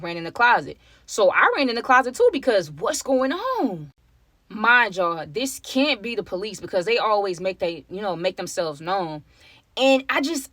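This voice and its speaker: With a mid-range, slightly bright voice and no room sound, a young woman vlogs a storytime. She shares something personal with her viewers, chatty and casual, frequently addressing them as y'all.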